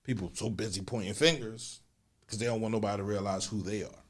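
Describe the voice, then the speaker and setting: Talking fast in a fairly low, even voice, a forties-aged podcast co-host keeps the conversation candid and slangy. He tends to repeat himself while working through his thoughts aloud.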